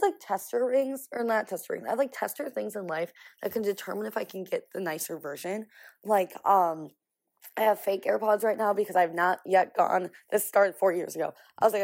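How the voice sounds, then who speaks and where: A woman's voice: mid-range voice, a little mellow. A young woman from the American Midwest, chatting casually to the camera in a vlog, scattered and exasperated, with lots of "like" fillers. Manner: frequent "like" fillers. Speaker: vlogger.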